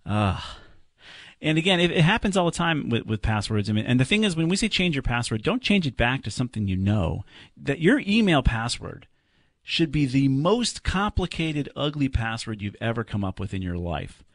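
A man hosting a call-in tech radio show, giving quick, plainspoken, jokey practical advice to callers. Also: mid-range voice, sing-song, no room sound, studio quality. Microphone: studio microphone.

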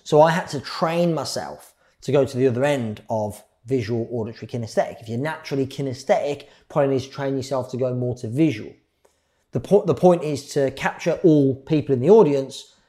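A middle-aged man giving a public speaking workshop, shifting his pace and volume and pausing for effect. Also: medium pitch. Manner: varies speed and loudness, pauses for effect. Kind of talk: live workshop talk.

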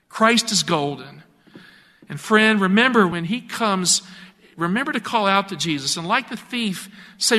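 A man preaching a radio sermon, swinging from hushed, slow reflection to emphatic, rising appeals. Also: high voice, lively intonation, in a large hall.

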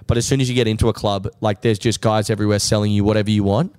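A man's voice: lowish voice, flat delivery, very fast, darkish tone, clear, resonant tone, no echo, clean studio sound. A man with an Australian accent, a podcast guest, telling a story casually and animatedly with loose slang.

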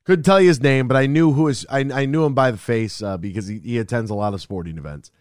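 A man on a casual radio chat, telling lively stories and acting out both sides of conversations. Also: mid-range voice, fast talker, clean tone, no echo, clean studio sound. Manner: lively storyteller, acts out exchanges.

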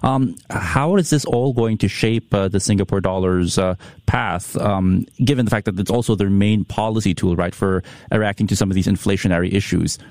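A man's voice: on the low side, moderate pace, a little mellow, no echo. A man hosting a radio interview, asking questions and signing off politely. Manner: conversational, polite sign-off. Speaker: radio presenter.

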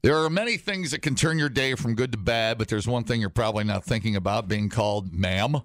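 A hoarse man hosting a casual talk show, joking and reading an article aloud, often slipping into mock voices. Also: lowish voice, fairly quick, no echo, studio quality. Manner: jokey, slips into mock voices and impressions. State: hoarse, losing his voice.

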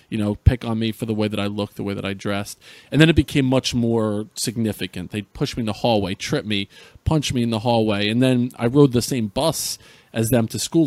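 A man's voice: lowish voice, no echo. A middle-aged man from Central New Jersey, a podcast guest earnestly retelling a painful personal story with frequent restarts.

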